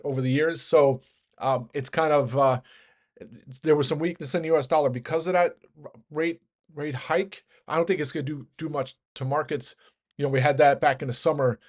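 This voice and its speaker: A man giving a quick, rambling daily stock market rundown, talking fast and often correcting himself. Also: on the high side, steady tone. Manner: rapid, rambling, self-correcting.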